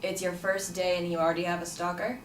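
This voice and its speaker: A woman's voice: fairly low pitch, flat delivery, fast, echoey room, recorded from a distance, voice pushed down, natural voice. A woman quoting a dry, practical mother.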